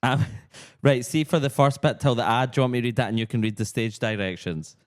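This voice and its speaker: A man's voice: medium pitch, brisk, noisy background. A man co-hosting a podcast in a joking, rambling casual chat. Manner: joking, rambling, laughs often. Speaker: podcast co-host.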